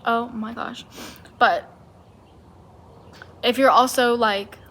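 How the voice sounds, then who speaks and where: A woman's voice: a little high, steady tone, slow pace, a bit bright. A woman hosting a solo podcast, talking in a casual, emphatic and opinionated way. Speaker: podcast host.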